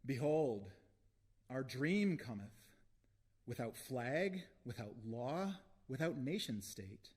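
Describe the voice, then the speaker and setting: A man reading his own poems aloud at a live book launch, with deliberate phrasing and long pauses between lines. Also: mid-range voice, animated, a little mellow, breathy edge. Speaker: poet reading his work.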